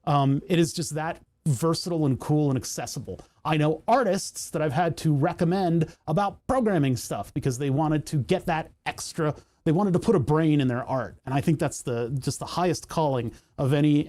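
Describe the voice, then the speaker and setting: A man's voice: a little high, normal speed, a little mellow. A young man from the United States, chatting casually on a live stream, rambling through jokey rants and laughing often.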